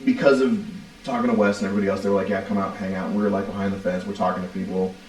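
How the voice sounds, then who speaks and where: A man in his thirties on a podcast, telling loud, profane stories and quoting people as he goes. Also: low-pitched, flat delivery, slight background noise. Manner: fast, profane storytelling with quoted voices. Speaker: podcast co-host. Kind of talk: casual chat. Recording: roomy, distant mic.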